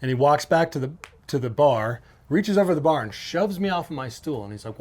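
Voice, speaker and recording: A man's voice: fairly high pitch, a little fast. A middle-aged man from Minnesota telling a wild story in casual chat, swearing and acting out the voices he quotes. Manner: animated, swearing, acts out quotes in raised voice. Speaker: podcast host.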